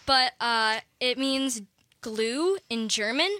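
A woman's voice: fairly high pitch, expressive, slow, sharp tone, dry recording. A teenage girl, a guest singer-songwriter, answering questions in a radio studio, hesitant and full of fillers and restarts. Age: teens. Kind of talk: casual radio interview.

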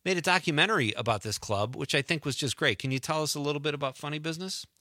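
A man's voice: on the high side, fast talker, bright, forceful tone, no echo, studio quality. A man hosting a talk show, reading an ad and chatting with a guest in an upbeat, anecdotal way. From Chicago. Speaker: radio show host. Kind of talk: casual interview.

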